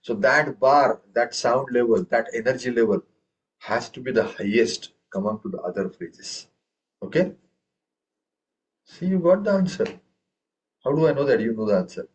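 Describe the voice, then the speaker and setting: A man's voice: medium pitch, lively intonation, normal speed, long pauses, highs cut off. A man teaching a tabla lesson. He asks his students question after question and recites drum syllables with strong stress on the first one. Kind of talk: online group music lesson.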